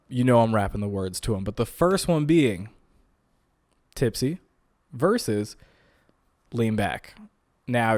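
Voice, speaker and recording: A man's voice: medium pitch, a little mellow, no room sound, clean studio sound. Worn-out joking young man podcasting. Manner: chatty and joking, with lots of "like" fillers. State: tired and a bit winded after illness. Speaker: podcast host. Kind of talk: casual solo podcast monologue. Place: home recording setup.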